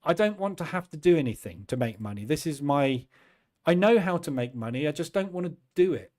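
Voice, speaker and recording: A man in his fifties hosting a trading channel, talking in a chatty, self-deprecating way and acting out his own quick asides. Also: on the high side, expressive, darkish tone. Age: 50s. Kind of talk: casual chat.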